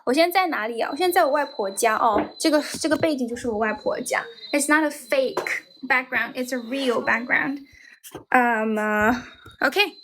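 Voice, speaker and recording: A woman's voice: high voice, bright, forceful tone. A woman with a Chinese accent coaching a caller on a livestream from her grandmother's home, encouraging and asking tag questions. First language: Mandarin Chinese. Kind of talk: live-stream coaching chat. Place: home room, grandmother's house.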